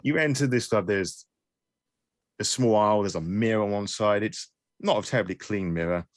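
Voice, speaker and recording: Guy running a tabletop game, low voice, wry, jokes at himself, dry sound. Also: normal speed, no echo. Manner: wry, self-mocking, with restarts. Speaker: game master.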